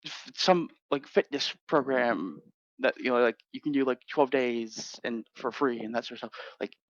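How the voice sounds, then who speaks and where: A man voicing a male fitness influencer who hedges and rambles politely, in fast bursts. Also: mid-range voice, dry recording, close to an everyday voice. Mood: evasive. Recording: dull, dry lo-fi audio.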